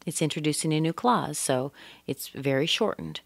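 A woman teaching English pronunciation, modelling stress and intonation slowly and deliberately. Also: low-pitched, vocal fry, no echo.

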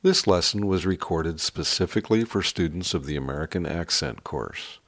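Deep husky male announcer. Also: animated, moderate pace. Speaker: course announcer. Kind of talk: formal intro announcement.

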